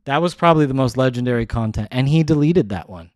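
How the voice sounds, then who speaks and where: A man's voice: medium pitch, lively intonation, fast talker, a little mellow, no room sound. A man hosting his show, talking in a casual, rambling monologue full of restarts. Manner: rambling, restarts often, many "like"s. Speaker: show host.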